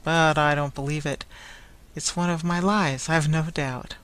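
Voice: mid-range voice, fairly even intonation, unhurried, a bit bright, slight background noise, lightly acted, poor audio. A reader voicing a humble, weary old toymaker who murmurs in a dazed way, in a read-aloud story. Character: meek weary old male toymaker, a devoted father. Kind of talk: audiobook character reading.

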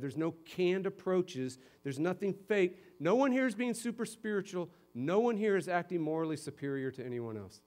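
A man from Connecticut preaching a sermon as pastor, conversational and lively, moving between quiet and emphatic stretches. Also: fairly high pitch. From Connecticut, USA.

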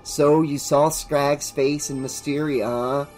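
A man's voice: fairly even intonation, takes it slowly, a little mellow, soft background music. A man voicing a strange young man who is darkly amused and turns sinister. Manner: darkly amused, drifting into sinister low tones.

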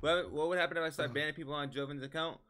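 A young man streaming a game, brash and loud, trash-talking and swearing constantly. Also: a little high, steady tone, racing. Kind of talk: gaming livestream trash talk.

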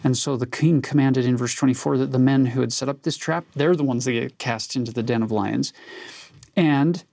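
A man's voice: mid-range voice, normal speed, creaky, darkish tone, no room sound, clean studio sound. A man co-hosting a conversational Bible lesson, earnest and reflective as he reads and explains scripture. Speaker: scripture study co-host.

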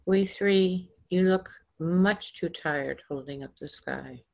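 A woman voicing a kind, patient, gentle man with a soft, soothing manner. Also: on the low side, slow, creaky, full character voice. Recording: dull lo-fi recording.

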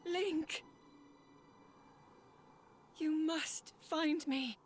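Brief: resolute young game princess, high voice, slow and earnest. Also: female voice, fairly even intonation, a little hiss or hum. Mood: solemn. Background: trailer music.

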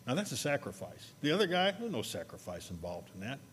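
A man preaching a sermon, telling a personal story in a conversational way and slowing down to stress key words. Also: mid-range voice, very animated, fairly bright tone, in a large hall, slight background noise. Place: church sanctuary.

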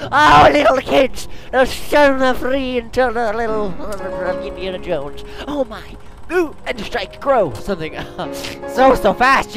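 A young man giving excitable let's play commentary, exclaiming and reading game text aloud. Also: very high-pitched. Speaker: gaming YouTuber. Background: game music.

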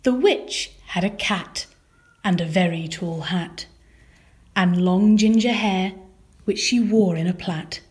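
A woman reading a rhyming children's picture book aloud, with expressive, rhythmic delivery. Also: lowish voice, takes it slowly. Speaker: storybook reader.

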